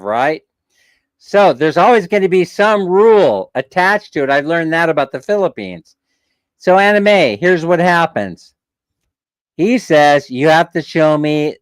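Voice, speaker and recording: A man's voice: on the high side, clean tone, no room sound, rough recording. A man hosting a live stream, telling a long story in a chatty, jokey way and laughing along. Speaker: vlog host.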